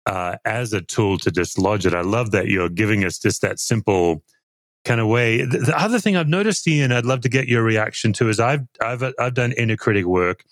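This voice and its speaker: A man in his fifties hosting an interview, thinking aloud in a reflective, halting way. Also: on the low side, dry recording. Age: 50s. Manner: reflective, halting with repeated restarts. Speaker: podcast host. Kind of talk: conversational interview.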